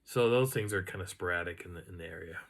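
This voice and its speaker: Low-voiced man telling a woods story. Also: quick pace, gravelly. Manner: rambling, animated, imitates sounds he heard. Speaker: outdoor storyteller. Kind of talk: casual first-person storytelling.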